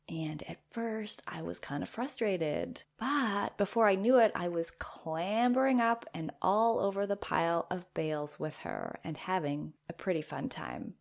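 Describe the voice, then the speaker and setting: A woman podcast host reads her old blog post aloud and breaks in with playful, self-amused comments. Her voice sits low and carries a gravelly edge. She talks in an animated, lively way. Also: measured pace, few pauses.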